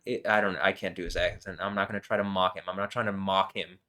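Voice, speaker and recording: A man reads scripture verses aloud slowly, then breaks into rambling, profane commentary. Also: deep voice, flat delivery, pushed and bright. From United States. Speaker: host.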